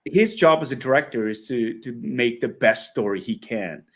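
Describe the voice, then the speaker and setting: A middle-aged man with a Canadian accent speaks as a guest in a relaxed interview. He is earnest and thoughtful, breaking into easy laughter, at a medium pitch. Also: normal speed. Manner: earnest, reflective, laughs often. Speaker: guest actor. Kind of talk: casual interview.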